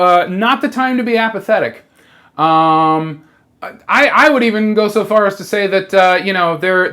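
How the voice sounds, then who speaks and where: A trans person in a rambling comedic monologue, halting and sincere, with lots of fillers, restarts and casual swearing. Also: mid-range voice. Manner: swears freely.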